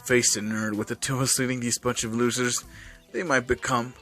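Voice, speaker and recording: A man reading aloud as a brash teenage boy from a fan story, gruff and dismissive, with a slightly lower, quieter voice than the narration. Faint music plays underneath. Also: little pitch movement, a little fast, lightly acted.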